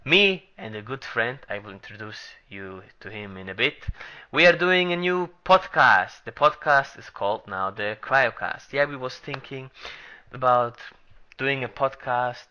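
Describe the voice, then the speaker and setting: A man with English as a second language, co-hosting a casual gaming podcast in an animated, jokey way with small grammar slips. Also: medium pitch, a little slow, smooth, muffled recording. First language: not English. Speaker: podcast co-host.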